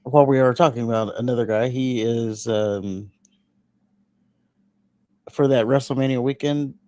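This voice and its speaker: A man's voice: medium pitch, fairly even intonation, unhurried, darkish tone, no echo. A man co-hosting a podcast in casual chat, boastful and joking with his partner. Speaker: podcast co-host.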